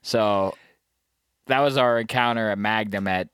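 Casting: man, casual storyteller, bright forceful voice, dry close sound, slangy, keeps asking "you know what I mean". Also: on the low side, unhurried, clean tone, no echo. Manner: animated storyteller, acts out the deer's thoughts. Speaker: bowhunter recounting a hunt. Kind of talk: casual chat.

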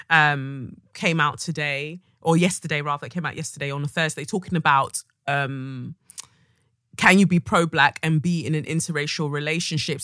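Swearing woman, sharp-voiced rant. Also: sits low, no room sound, studio quality. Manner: heated, ranting, heavy swearing. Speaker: podcast host. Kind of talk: casual monologue.

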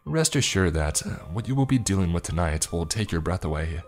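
A man's voice: low-pitched, expressive, fairly quick, faint music behind. A man voicing an overly chipper female flight attendant who makes announcements in a sing-song way.

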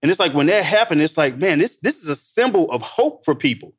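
A man from Missouri telling stories in a casual podcast chat, emphatic and animated, acting out the dialogue. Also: a little high, fairly quick, breathy edge. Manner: animated, emphatic storyteller who acts out dialogue. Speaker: guest entrepreneur.

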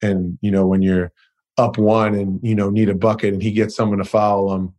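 A man's voice: lowish voice, level tone, normal speed, a little mellow. A young man guesting on a podcast, chatting loosely and profanely, with plenty of "you know" and "like". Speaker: guest, pro basketball player. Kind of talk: casual interview chat.

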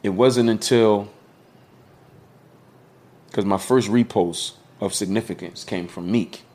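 Podcast guest, middle-aged man, low voice, loose slangy storyteller. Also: slow, a little mellow. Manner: candid, storytelling, peppered with slang and cussing. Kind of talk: casual podcast conversation.

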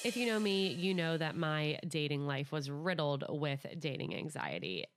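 A woman's voice: deep voice, expressive, moderate pace, faint music behind. A young woman hosting a podcast, chatting casually and upbeat with lots of "like". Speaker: podcast host.

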